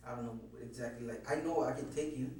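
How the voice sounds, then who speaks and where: A man with a mid-range, darkish voice talks fast while being questioned, rambling nervously through his account with lots of swearing and restarts. The recording has a very echoey room, a distant mic, and a faint hum.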